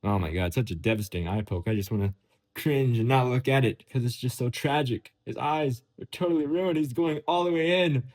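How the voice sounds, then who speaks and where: A man of middle pitch riffing through a casual commentary over photos. He is sarcastic and jokey, and his voice swoops high and then drops low again as he teases and exaggerates. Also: brisk, a little mellow. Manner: joking, sarcastic, with big pitch swings. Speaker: MMA commentary vlogger.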